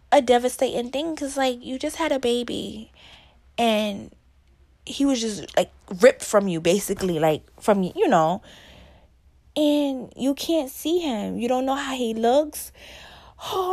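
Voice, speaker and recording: A woman's voice: a little high, very animated, moderate pace, gravelly, darkish tone. A young woman talking casually and candidly about a hard personal experience, with many fillers, some laughter, and emotion showing through. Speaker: podcast host.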